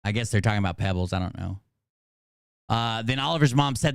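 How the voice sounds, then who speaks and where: A man's voice: lowish voice, expressive, a little fast, gravelly, smooth, no echo, studio quality. A man hosting a livestream, ranting in an angry, combative way and swearing constantly. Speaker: channel host.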